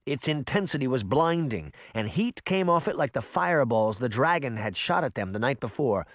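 A man narrating a storybook in a steady, expressive telling. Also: medium pitch, normal speed, hardly any pauses, no room sound. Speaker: audiobook narrator.

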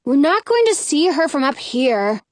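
A woman's voice: normal speed, no room sound. A woman reading aloud voices a bold, teasing young boy who dares his older sister. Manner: taunting, high and lively.

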